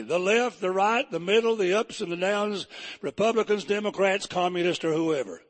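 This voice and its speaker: A man preaching a sermon in a folksy, plain-spoken way, reading scripture slowly and rising to emphatic peaks. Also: sits high. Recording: long reverb of a hall.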